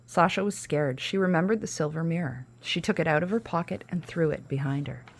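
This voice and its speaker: A woman's voice: low-pitched, a little fast, vocal fry, a little hiss or hum. A woman podcast host reading a children's storybook aloud, with casual asides between the narration.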